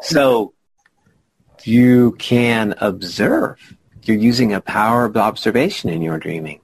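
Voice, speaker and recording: A man's voice: on the low side, lively intonation, slow pace, breathy edge, low-quality recording. A man leading a spiritual discussion group over a video call, encouraging and playful in how he draws people out. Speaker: group facilitator.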